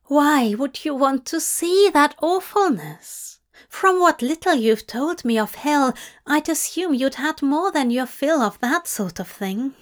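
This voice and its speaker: A prim, earnest male angel, fretful and fussy in an old-fashioned way, as a woman puts him on. He speaks high and slow, unhurried in his storybook reading. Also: lively intonation.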